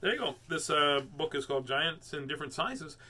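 A man's voice: fairly high pitch, expressive, brisk, pushed and bright, slight background noise. A man hosting a live read-aloud of a children's book, chatting playfully between pages in a rambling, joking way full of fillers. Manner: rambling and jokey, with many fillers and silly sounds. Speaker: host reading children's books aloud.

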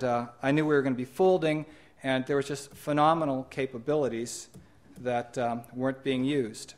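A middle-aged man at medium pitch walks an audience through slides of his artwork. He speaks in an unhurried, halting way, often pausing on "um" and restarting his sentences. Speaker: holographic artist presenting his exhibition. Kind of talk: conference slide presentation.

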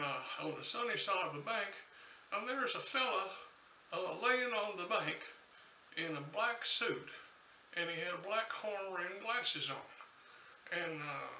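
A man's voice: high voice, creaky, bright, forceful tone, roomy sound, far from the mic, slight background noise, low-quality recording. A man, telling a folksy, rambling tall tale ad-lib, full of "uh"s. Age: 70s. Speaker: channel host.

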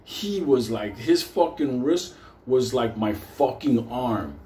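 A man speaking slowly in a mid-range voice tells a loose, casual story full of constant swearing and laughter, delivered with animation. There's roomy echo and faint background noise.

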